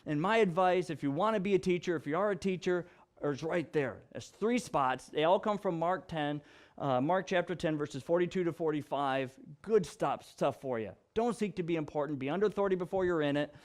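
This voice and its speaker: A man with a fairly high voice teaches scripture in a relaxed, chatty way. He is animated and repeats himself for emphasis, often starting a phrase over. He acts out little examples as he goes. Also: a little fast. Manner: frequent restarts and emphatic repetition. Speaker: pastor. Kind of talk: casual Bible teaching.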